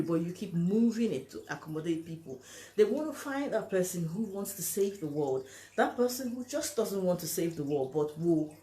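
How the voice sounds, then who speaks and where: A woman's voice: medium pitch, warm tone. A woman talking to camera and giving relationship advice, speaking emphatically and acting out the lines other people say. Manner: emphatic, acts out quoted lines, asks "you understand?". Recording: echoey room.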